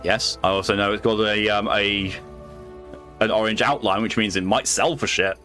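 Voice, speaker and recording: A man's voice: lowish voice, fairly even intonation, normal speed, sharp tone, faint music behind. A man chatting casually while streaming a game with friends, joking, swearing and laughing often. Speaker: gamer on a stream. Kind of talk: casual chat while gaming.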